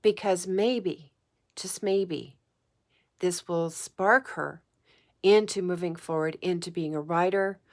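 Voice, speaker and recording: A woman's voice: fairly low pitch, slow pace. Earnest woman talking to camera. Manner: emotional, earnest, repeats phrases for emphasis. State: tearful at times. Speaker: psychic vlogger. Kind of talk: heartfelt personal talk to camera. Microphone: camera mic, talking to camera.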